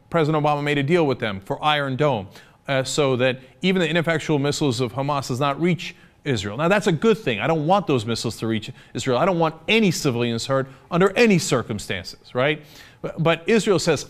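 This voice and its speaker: A man giving impassioned, sarcastic political commentary, arguing his point hard. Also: medium pitch. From United States.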